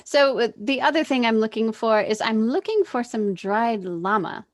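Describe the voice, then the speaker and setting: A woman's voice: a little high, lively intonation, moderate pace, no room sound. A woman playing a tabletop role-playing game, speaking earnestly as her character. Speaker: player.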